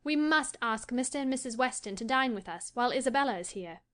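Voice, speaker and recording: A woman's voice: on the high side, animated, quick pace, fairly bright tone. An actress playing a cheerful young daughter who soothes her anxious father in an audiobook. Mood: reassuring. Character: bright, reassuring young daughter. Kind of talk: audiobook character voice.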